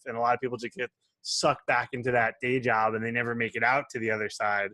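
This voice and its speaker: A young man hosts an interview with lively, energetic delivery. His voice sits in a middle pitch and sounds dry and close, with no room around it. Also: fast, no room sound. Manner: energetic, animated storyteller. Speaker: host. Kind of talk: interview with storytelling.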